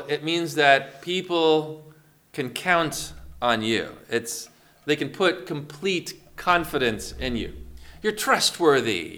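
A man's voice: a little high, pushed and bright. A male pastor preaching a sermon, asking the congregation questions and calling on members by name.

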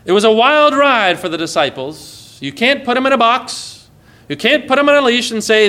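Bright-voiced man preaching a sermon. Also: expressive, moderate pace. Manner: earnest, often dropping low and soft when quoting.

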